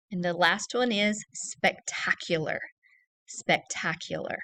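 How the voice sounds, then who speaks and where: A woman teacher giving a recorded early-grade reading lesson, saying each word slowly and clearly and repeating it for young children. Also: medium pitch, fairly bright tone.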